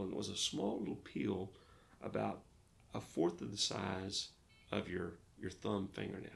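A man from Arkansas, a pastor, telling lively stories in a casual interview and acting out the dialogue. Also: lowish voice, a little slow, vocal fry. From Arkansas, United States. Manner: lively storyteller who acts out dialogue.

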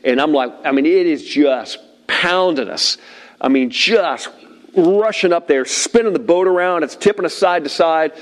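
Middle-aged male pastor, slightly high voice, lively storyteller sermon to a seated crowd. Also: normal speed. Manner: animated storyteller, acts out shouted quotes. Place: room with tables of listeners.

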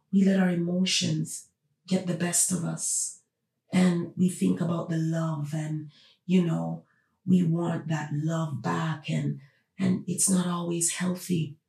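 Woman host, opinionated monologue, emphatic and repetitive; gravelly low-bright tone, recorded off-mic in a roomy space. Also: far from the mic. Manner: emphatic, repeats rhetorical questions. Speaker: podcast host.

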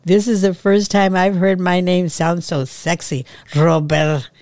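A woman's voice: fairly low pitch, fairly even intonation, a little slow, warm tone, no echo, studio quality, natural voice. A woman voicing a nervous young man. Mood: earnest.

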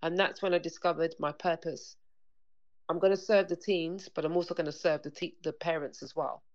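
A woman's voice: low voice, fairly even intonation, a little fast. Earnest woman, lo-fi sound. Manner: earnest, repetitive, acts out dialogue. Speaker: parenting coach guest. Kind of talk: conversational interview. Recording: dull lo-fi sound.

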